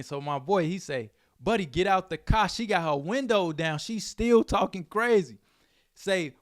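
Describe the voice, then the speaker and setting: Young male reaction host from Chicago, streetwise slang, dry close sound, slightly high voice. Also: smooth, no room sound. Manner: animated, streetwise slang, repeats himself. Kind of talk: casual commentary.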